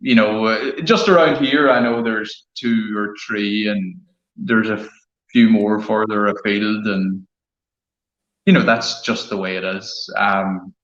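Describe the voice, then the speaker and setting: A man from Donegal speaks haltingly in a casual chat, repeating words as he goes. His call audio sounds roomy and echoey. It is also dull and muffled. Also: lowish voice, steady tone, a bit bright. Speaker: distiller. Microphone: online call.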